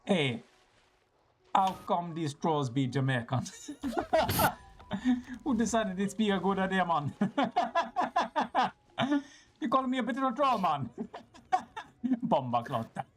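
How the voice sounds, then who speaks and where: A woman's voice: medium pitch, very animated, slow pace, long pauses, slight background noise. A woman putting on a joking Jamaican-style patter as a mock-tough man, laughing between lines.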